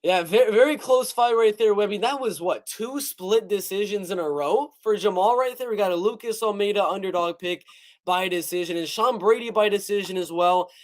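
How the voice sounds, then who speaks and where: Young male livestream host, high voice, casual and jokey, reads out chat comments. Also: moderate pace. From North Carolina. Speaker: MMA prediction livestream host.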